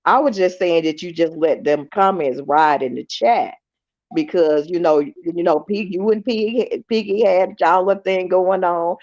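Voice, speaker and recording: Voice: medium pitch, unhurried, darkish tone, no room sound. Panel questioner, pressing and direct, dull dry sound. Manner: probing, asking pointed questions. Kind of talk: casual live stream panel talk.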